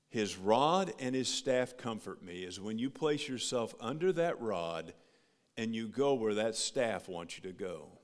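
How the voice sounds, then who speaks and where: A male pastor giving a sermon, swinging from loud, rising emphasis to soft, quiet passages. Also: mid-range voice. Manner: preaching with big rises and soft drops. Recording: long hall reverb.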